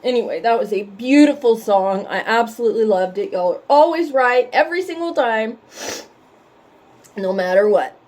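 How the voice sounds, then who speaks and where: A woman with a slightly high voice talks casually to her viewers on a reaction vlog. She is emotional and teary from crying, and she keeps apologizing for it. She stays warm and chatty throughout. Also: expressive, moderate pace. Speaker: reaction channel host.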